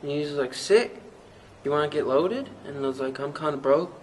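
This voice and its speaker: An actor with a Newfoundland accent playing a young small-town rapper who rambles through a hazy, profane story in an interview. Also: male voice, fairly high pitch, a little fast, slight background noise, lightly acted, rough recording. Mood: rambling. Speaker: mockumentary interviewee.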